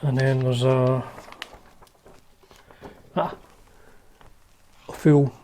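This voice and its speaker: A man's voice: medium pitch, flat delivery, very slow, warm tone, a little hiss or hum. A man hosting a guitar channel, chatting casually and wryly through old magazines, with lots of fillers and restarts.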